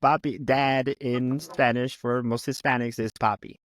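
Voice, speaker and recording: A middle-aged man hosting an interview as a coach, asking relaxed questions with Spanish asides. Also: mid-range voice, a little slow.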